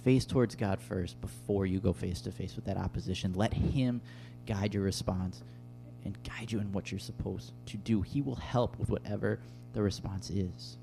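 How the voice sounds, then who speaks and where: Youth pastor guy preaching, deep-ish mellow voice, chatty with lots of ums. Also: fairly even intonation, normal speed, gravelly, faint music behind. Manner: conversational, earnest, uses filler words. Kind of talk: sermon with personal story.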